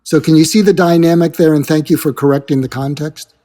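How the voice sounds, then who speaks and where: A man's voice: a little high, fairly even intonation, a little fast, mellow, in a large hall. A man who is a guest expert, explaining earnestly and acting out imagined conversations, often restarting his sentences. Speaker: guest, suicide prevention expert. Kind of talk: conversational explanation with acted-out dialogue.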